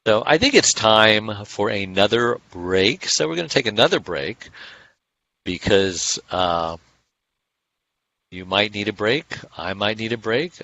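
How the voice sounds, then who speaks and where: A man's voice: lowish voice, expressive, measured pace, sharp tone, no room sound, low-quality recording. A middle-aged man, an author and speaker, giving a rambling, casual monologue of anecdotes and lessons. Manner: rambling, acts out little dialogues in other voices.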